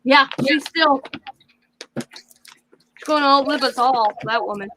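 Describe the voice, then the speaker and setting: A middle-aged woman hosting a crafting live stream, chatting and telling stories in a lively, animated way. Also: sits high, slow, noisy background. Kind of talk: casual chat while crafting.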